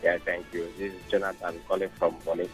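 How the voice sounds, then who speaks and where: A Nigerian man calling into a radio show, speaking hesitantly with halting phrases. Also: deep voice, little pitch movement, breathy edge, no echo, faint music behind, low-quality recording. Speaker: caller. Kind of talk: phone-in call.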